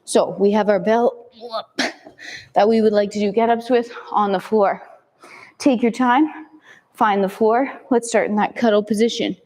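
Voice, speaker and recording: A woman fitness instructor calmly cues a kettlebell workout in short, step-by-step commands, breathing hard between sets. Her voice is medium in pitch and unhurried.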